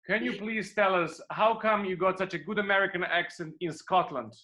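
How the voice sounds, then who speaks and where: A man's voice: sits high, moderate pace, sharp tone. A man hosting an online class over a video call. He welcomes everyone, leads a prayer, and often repeats phrases with many fillers. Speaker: online event host. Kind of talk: welcoming host with an opening prayer.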